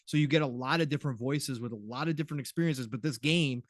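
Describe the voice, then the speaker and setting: A man's voice: mid-range voice, fast talker, no echo, clean studio sound. A man co-hosting a gaming podcast in casual chat, teasing and laughing often. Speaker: podcast co-host.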